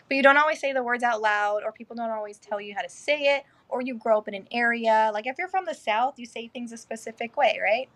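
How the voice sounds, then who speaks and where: A woman talking as a guest on a casual podcast, with a fairly high voice. She is chatty and quick to laugh, with the odd mild curse. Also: a bit bright. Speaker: interview guest. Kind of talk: casual interview chat.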